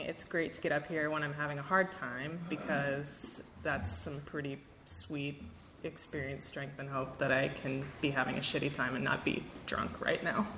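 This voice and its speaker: A woman's voice: deep voice, roomy sound, background noise. A young woman from Wisconsin giving a candid, self-deprecating personal testimony at a recovery meeting, with a lot of fillers and laughter.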